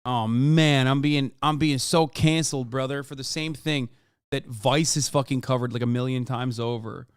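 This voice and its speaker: Smooth-voiced man ranting on a livestream. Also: mid-range voice, steady tone, moderate pace, dry recording, clean studio sound. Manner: heated, ranting, mocking. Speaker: streamer reacting to clips. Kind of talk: casual profane livestream commentary.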